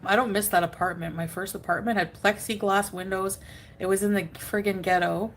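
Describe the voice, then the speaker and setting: A woman livestreamer rants at her viewers in a crude, angry torrent of insults, chopping her own curse words off halfway. Her voice sits at an everyday middle pitch for a woman, with a faint hiss of room noise behind it. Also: fairly even intonation, fairly quick, fairly bright tone, poor audio. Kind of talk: ranting livestream monologue.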